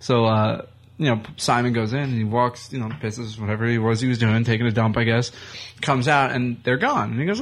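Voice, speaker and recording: A man's voice: medium pitch, expressive, brisk, a bit bright, breathy edge. A man who wrestles and does comedy, telling crude stories in a casual radio chat and laughing through them. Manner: profane storyteller, laughs through his stories.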